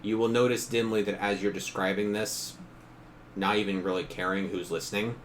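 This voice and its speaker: A man's voice: lowish voice, steady tone, normal speed, a little hiss or hum. A man narrating as game master in a casual tabletop session, laughing often and briefly acting out characters.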